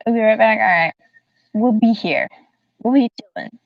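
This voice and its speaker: A livestreamer from the Southern United States, she giggles a lot while chatting casually and speaking straight to her viewers. Her voice is a little high and her pace normal. The audio, captured on a distant, dull, dry mic, carries no room sound.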